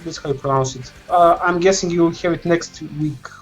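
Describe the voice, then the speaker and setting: A man co-hosting a casual gaming podcast, calmly explaining how a name is pronounced. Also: fairly high pitch, fairly quick, soft background music, rough recording. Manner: corrects pronunciation helpfully.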